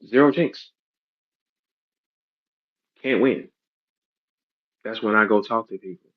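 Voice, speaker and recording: A man's voice: on the low side, slow pace. A man ranting bluntly in a heated podcast, heavy with profanity and street slang, explaining a business dispute. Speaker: battle rap league owner. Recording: dull lo-fi audio.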